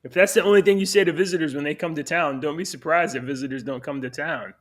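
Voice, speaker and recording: A man's voice: on the high side, quick pace. A man co-hosting a podcast in casual chat, joking around and reading news items aloud with frequent restarts. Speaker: podcast co-host.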